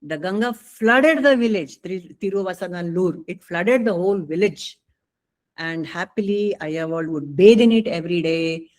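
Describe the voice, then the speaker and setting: Lady giving a talk, animated storyteller, lots of uh and you know. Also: on the low side, moderate pace, rough recording. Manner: animated, with many fillers and asides. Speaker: speaker.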